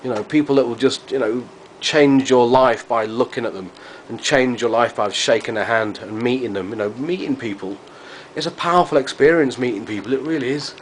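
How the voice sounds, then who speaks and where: A man's voice: medium pitch, brisk. Brief: man, vlogger, loose and gushing, circles back on his own sentences, faint background noise. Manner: rambling, effusive, repeats himself. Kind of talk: casual chat to camera.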